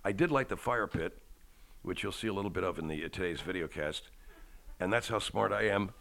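Deep-voiced man chatting casually. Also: brisk, vocal fry, a bit bright. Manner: rambling, profane, self-deprecating humor. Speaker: podcast host. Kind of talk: casual chat. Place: home.

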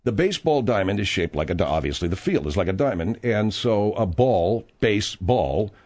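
Man, radio talk host, slightly hoarse, very lively pitch, blustery, studio mic. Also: moderate pace. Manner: blustery, mock-indignant, rambling. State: slightly hoarse, sore throat. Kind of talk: comic talk radio chat.

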